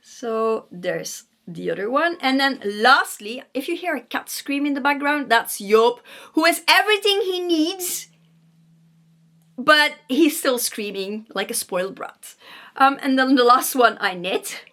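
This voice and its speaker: A woman's voice: a little high, a little slow, bright, forceful tone. A woman knitting vlogger at home, talking casually and rambling with fillers and self-corrections, giggling now and then. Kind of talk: casual chat. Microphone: vlogging camera.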